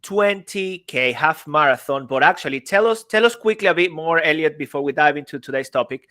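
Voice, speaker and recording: A man's voice: a little high, animated, fairly quick, pushed and bright. A man co-hosting a podcast in a playful, teasing manner. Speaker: podcast co-host. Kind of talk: casual chat.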